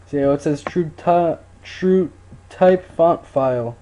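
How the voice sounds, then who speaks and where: A man's voice: on the high side, slow, warm tone, slight background noise. A man casually talking through a computer tutorial, rambling a little with fillers. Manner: laid-back, rambling with fillers. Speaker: tutorial maker. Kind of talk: casual screen-recorded tutorial.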